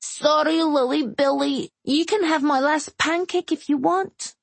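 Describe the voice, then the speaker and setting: A shouty, excitable little girl. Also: high-pitched, measured pace, gravelly, no room sound, pitched above the performer's own voice. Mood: excited. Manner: shouty, whiny when refused.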